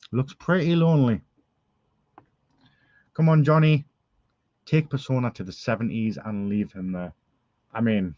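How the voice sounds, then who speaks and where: A man's voice: mid-range voice, darkish tone, no room sound, highs cut off. A man cutting a dramatic, emotional wrestling promo as general manager. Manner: dramatic, earnest, emotional outbursts.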